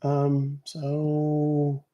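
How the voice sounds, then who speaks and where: A man's voice: fairly high pitch, monotone, drawn-out words, dark tone, dull audio. A man hosting a live stream, chatting casually and profanely with his audience and joking around. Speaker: livestream host.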